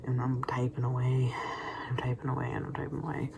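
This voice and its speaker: A man's voice: mid-range voice, brisk, gravelly. A young man vlogging in a casual rambling monologue, stammering through restarts and dropping into whispered asides. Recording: steady background noise.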